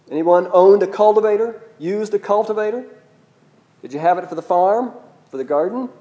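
A man's voice: on the high side, mellow. A man preaching a sermon, teaching in a conversational way with asides and questions to the listeners.

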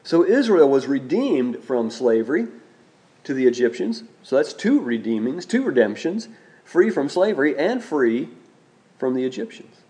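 A man delivers a sermon in a mid-range, mellow voice, very animated yet measured, slowing down and repeating key phrases for emphasis.

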